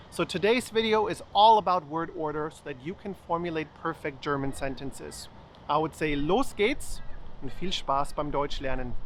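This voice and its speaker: A German teacher explaining word order outdoors in a park, slowly spelling out example sentences. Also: mid-range voice. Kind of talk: language lesson explanation.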